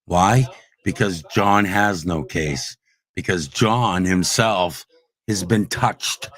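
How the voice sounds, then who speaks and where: Low-pitched and a bit bright, a man speaks slowly as he hosts a livestream. His rant is angry, profane, and repetitive, aimed squarely at his critics.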